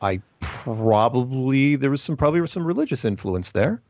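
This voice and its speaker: A man's voice: medium pitch, lively intonation, normal speed, no room sound. Middle-aged male host, rambly and full of restarts, dull lo-fi recording, dry. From United States. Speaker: podcast host. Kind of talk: casual chat. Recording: dull lo-fi sound.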